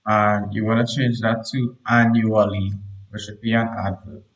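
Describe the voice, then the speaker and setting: A man teaches a live online grammar lesson to primary pupils. He reads each sentence aloud, repeats it slowly and explains the corrections while talking to the chat. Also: on the low side, little pitch movement, dull audio.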